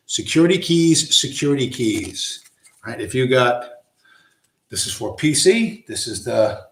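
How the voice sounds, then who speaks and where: A man's voice: mid-range voice, fairly bright tone, roomy sound. A man hosting a livestream, ranting in a heated, profane, blunt monologue. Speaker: livestream host.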